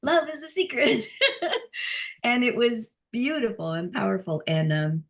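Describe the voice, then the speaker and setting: Middle-aged woman, healing practitioner, casual group chat, lively storyteller with frequent laughs and restarts. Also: fairly high pitch, measured pace. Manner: animated storyteller, laughs often, many restarts.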